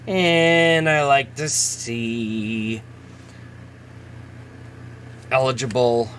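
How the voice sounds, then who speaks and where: A man's voice: mid-range voice, takes it slowly, a bit bright, slight background noise. A man, casually chatting as he opens trading card packs, laughing at himself and reading names aloud. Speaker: host. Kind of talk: casual card-opening commentary.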